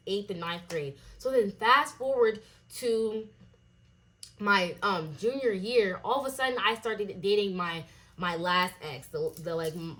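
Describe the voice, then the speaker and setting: A young adult woman telling a personal story in a casual vlog, animated and full of fillers and swearing. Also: medium pitch. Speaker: vlogger.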